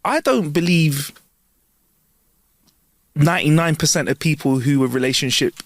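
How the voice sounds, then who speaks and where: A man co-hosting a casual podcast, telling stories with animated bursts and laughs. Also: fairly high pitch, normal speed, dry recording. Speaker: podcast co-host.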